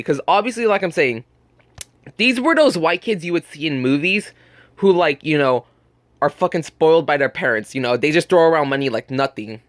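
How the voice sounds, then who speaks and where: A man's voice: fairly high pitch, very animated, brisk, bright, forceful tone, dry recording. A young man telling a blunt, profane story about work in a casual vlog. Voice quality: burping, just ate. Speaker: gaming channel host.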